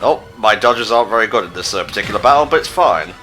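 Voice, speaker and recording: A man playing a video game and commenting casually, reacting out loud to every hit. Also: fairly low pitch, lively intonation, fast talker, faint music behind. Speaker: player.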